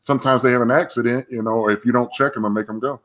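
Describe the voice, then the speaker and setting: A man's voice: medium pitch, steady tone, fast, fairly bright tone. A man with an ordinary mid-range voice joins a casual podcast chat. He speaks in an easygoing way and adds short remarks to the conversation. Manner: easygoing, chimes in with short reactions.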